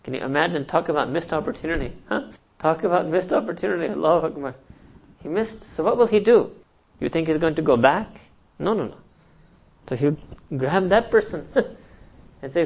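Guy preaching w a gravelly voice, tells a story, keeps asking the crowd questions, chuckles a lot. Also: high voice, lively intonation, moderate pace, pauses often, poor audio. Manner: asks the audience rhetorical questions; chuckles often while speaking. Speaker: Islamic teacher. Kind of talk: sermon with storytelling.

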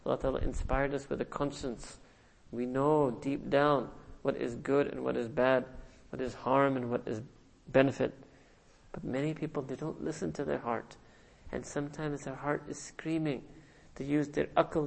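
A man delivers a sermon in a gravelly, creaky voice at a middle pitch. He works by repetition and rhetorical questions, and slips in Arabic and Urdu terms as he teaches. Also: fairly even intonation, normal speed. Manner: rhetorical, repeats phrases, asks "hmm?" to listeners; quotes Arabic and Urdu phrases. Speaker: religious teacher.

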